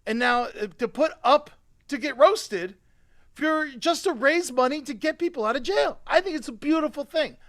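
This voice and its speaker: A man with a high, bright, forceful voice hosts a live-streamed comedy show. He rants with loose profanity, dropping to mutters and then bursting into shouts. The sound is close and dry, with no room around it. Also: normal speed, no echo. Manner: profane, excitable ranting that swings between quiet asides and shouting. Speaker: show host.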